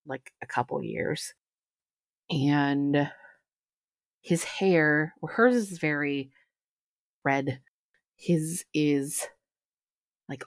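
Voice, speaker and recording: A woman narrating as game master in a tabletop role-play, unhurried and halting, with giggly asides. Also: low voice, dry recording, clean studio sound.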